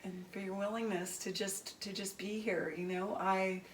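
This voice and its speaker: Soft-spoken woman host in echoey room. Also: mid-range voice, flat delivery, moderate pace. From Canada. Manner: gentle, reflective, soft-spoken. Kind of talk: interview conversation. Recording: echoey room from far off, faint noise.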